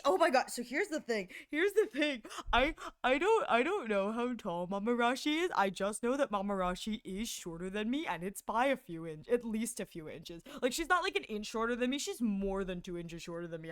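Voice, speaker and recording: A woman's voice: on the high side, fairly bright tone, clear, resonant tone. A young woman streamer in casual chat, giggling often and rambling between stories.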